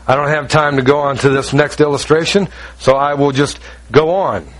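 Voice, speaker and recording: A middle-aged man preaching a sermon, high-strung and animated, telling stories with quick asides. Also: rough recording. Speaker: pastor.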